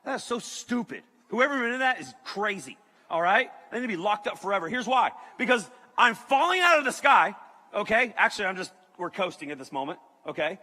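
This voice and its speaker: A man giving a comic, animated sermon story with sudden shouted bursts and laughter. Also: sits high, brisk, in a large hall. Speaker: youth speaker.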